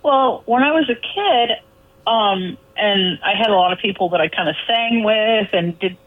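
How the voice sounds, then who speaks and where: A woman's voice: mid-range voice, moderate pace. A woman calling in to a radio show, chatting in a rambling, storytelling way. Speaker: caller. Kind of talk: casual phone chat. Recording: tinny phone line.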